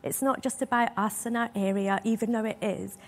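A woman's voice: a little high, steady tone, fairly quick. A woman preaching a sermon in a church hall, earnest and emotional, asking her listeners many rhetorical questions.

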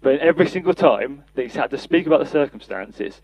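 A man's voice: on the high side, lively intonation, quick pace, darkish tone, husky, no room sound. An earnest man preaches a sermon, lifting his voice whenever he quotes scripture. The sound is dry, with no room around it, and slightly dull, like a lo-fi podcast recording. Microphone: podcast mic.

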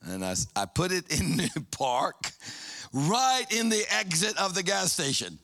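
A man preaching a sermon, telling a story with excited high bursts and hushed, solemn passages. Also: a little slow, dry recording, clean studio sound.

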